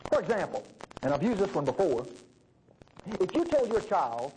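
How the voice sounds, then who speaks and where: Animated folksy preacher man. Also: high-pitched, moderate pace, pauses often, a little hiss or hum, low-quality recording. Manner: folksy, animated, acts out voices in stories. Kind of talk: sermon.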